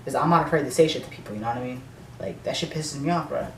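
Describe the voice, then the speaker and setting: Racing along in a fairly high, fairly bright voice, a vlogger rants through a storytime, swearing, rambling and restarting with lots of filler words. The distant mic picks up an echoey room and faint noise.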